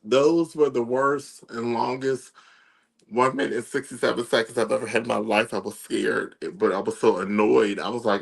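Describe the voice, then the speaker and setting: A man co-hosting a casual comedic chat, animated and exasperated. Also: medium pitch, moderate pace, gravelly, slightly rough.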